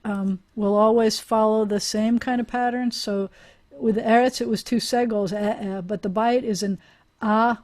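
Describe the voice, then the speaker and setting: A woman rabbi leads a Hebrew class over a video call. She talks in a chatty, encouraging way at an ordinary middle pitch, often laughing along with her students. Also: a little mellow. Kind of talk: online class teaching.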